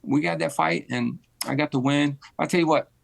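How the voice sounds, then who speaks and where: A man in his fifties, a former boxing champion, telling animated stories in a casual interview and repeating phrases for emphasis. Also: a little high, moderate pace, vocal fry, dry recording.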